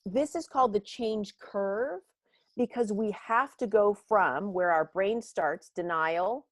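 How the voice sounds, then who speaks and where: A middle-aged woman leading a leadership workshop over a video call, animated and often acting out the voices she quotes. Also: medium pitch, slow pace, dry recording, studio quality.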